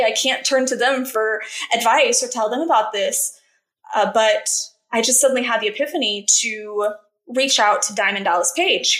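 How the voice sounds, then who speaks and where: An earnest woman with a somewhat high voice tells her personal story as a podcast guest. She talks candidly and emphatically, and her voice climbs when she relives being angry. The recording carries a noticeable roomy echo. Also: a bit bright.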